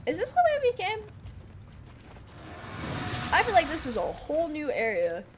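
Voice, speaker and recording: A woman streamer giving casual, animated gaming commentary, exclaiming and laughing often. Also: high-pitched, normal speed, over music.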